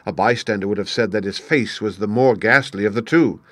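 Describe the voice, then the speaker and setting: A man narrating a classic story aloud in a steady, clear storytelling manner. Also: lowish voice, a little fast, no room sound.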